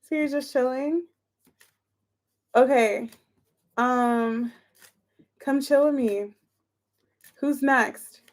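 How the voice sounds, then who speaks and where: A woman reading tarot on a livestream, counting aloud as she shuffles and chatting casually with her viewers. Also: on the high side. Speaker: tarot reader.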